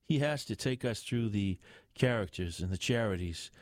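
A man's voice: lowish voice, lively intonation, normal speed, no echo, studio quality, natural voice. A man voicing a stern, know-it-all man in a Santa suit who lectures others. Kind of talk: audiobook character voice.

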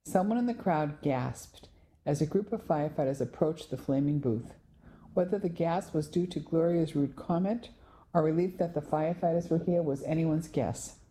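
A woman narrating a novel in the first person, telling the story in a clear, measured way. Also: low voice, mellow. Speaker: audiobook narrator.

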